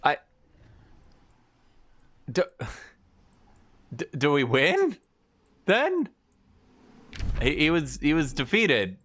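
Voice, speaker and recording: Lively, bright-voiced young male streamer. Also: fairly high pitch, very slow, long pauses. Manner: talks to chat, wry, exclaims and trails off. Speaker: game streamer. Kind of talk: casual gameplay commentary.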